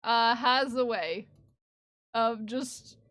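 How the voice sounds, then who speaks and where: A woman live streamer chatting casually in an unhurried, drawn-out way. Her voice sits a little high, and she wanders through thoughts with fillers and restarts. Her speech slips between several accents, all recorded close and dry. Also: fairly bright tone, no echo. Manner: rambling, many fillers and restarts. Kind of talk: casual chat.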